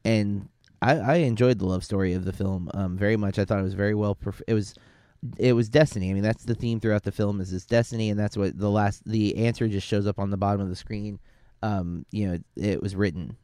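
A man's voice: lowish voice, fairly even intonation, brisk, warm tone, smooth, dry recording, studio quality. A man co-hosting a podcast, talking through a film in a casual, rambling way, often correcting himself and using fillers. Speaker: podcast co-host.

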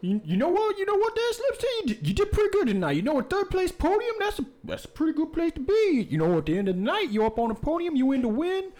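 Guy playing a rambly old fight coach, high and bouncy voice, all "you know"s. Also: huge pitch swings, fast talker, few pauses, a little mellow, heavily acted. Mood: folksy. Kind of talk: tabletop role-play.

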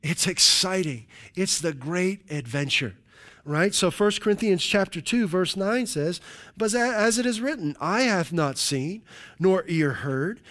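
A man preaching with a lively, somewhat high-pitched voice. He keeps up a sermon full of hallelujahs and quick jokes to the room, checking in with "right?" between points. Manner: jokey asides to the congregation. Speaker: pastor.

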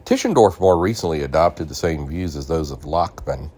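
A Bible podcast host with a bass voice, slightly rough and darkish in tone, reads aloud from an old scholarly text. He's animated yet deliberate, pausing to add his own remarks and to explain and spell out names.

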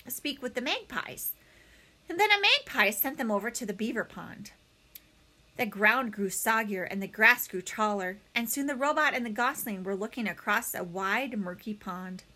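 A woman narrating a children's storybook in an expressive, animated way. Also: a little high, normal speed.

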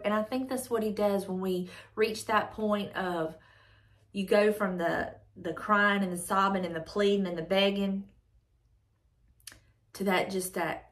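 A woman's voice: medium pitch, fairly bright tone. A woman hosting a devotional channel, reading aloud and reflecting earnestly, repeating her phrases as she thinks things through.

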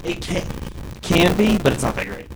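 A man's voice: high-pitched, big pitch swings, moderate pace, noisy background. A young man in casual chat with friends, animatedly retelling cartoon scenes and swearing freely. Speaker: friend in conversation.

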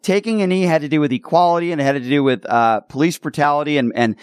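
A man's voice: on the high side, fast talker, clear, resonant tone, no room sound, studio quality. A man hosting a talk radio show who delivers an opinionated, indignant commentary and stumbles over repeated words as he gets worked up.

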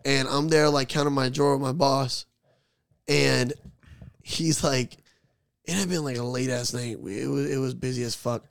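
A young man hosting a podcast, telling a story in casual, profane slang with animated energy. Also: medium pitch, moderate pace, gravelly, smooth, no room sound. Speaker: podcast host.

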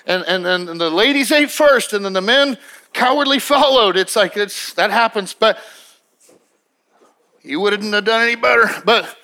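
A man preaching from the pulpit with a high-pitched voice. His tone is bright and forceful, and he talks to the congregation in an emphatic, conversational way. He often restarts and repeats words as he builds each point. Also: normal speed. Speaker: pastor. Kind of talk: sermon.

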